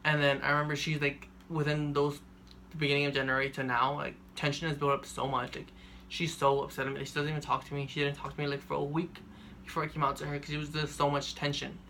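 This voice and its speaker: A young man telling a personal story in a monotone that rambles and leans on filler words. His voice sits a little high, with a gravelly, bright, tense edge. Faint noise hums underneath. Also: fast talker. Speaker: vlogger.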